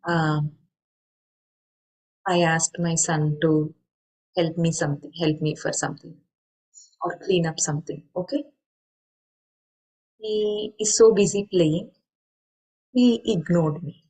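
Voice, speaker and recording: Earnest lower-voiced woman giving a talk. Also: slow, long pauses, darkish tone, low-quality recording. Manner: earnest, explaining with everyday examples and rhetorical questions. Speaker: meditation speaker. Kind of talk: spoken talk to an online group.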